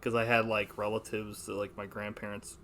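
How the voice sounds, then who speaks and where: A man's voice: lowish voice, flat delivery, fairly quick, bright, forceful tone, a little hiss or hum. A young man hosting a podcast, chatting casually about a movie, rambling, swearing and laughing as he quotes lines. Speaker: podcast host.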